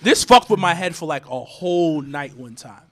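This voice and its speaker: A man in his thirties telling a story in casual podcast chat, animated and profane, with stammering restarts. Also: a little high, moderate pace. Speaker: podcast co-host.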